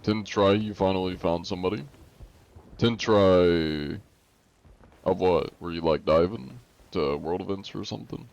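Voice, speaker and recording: Man, put-on Russian accent, joking livestream chatter, lowish voice, slightly muffled audio. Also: unhurried, creaky, darkish tone. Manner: joking, teasing, playing a mock-Russian persona. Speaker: streamer. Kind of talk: casual livestream gaming chat.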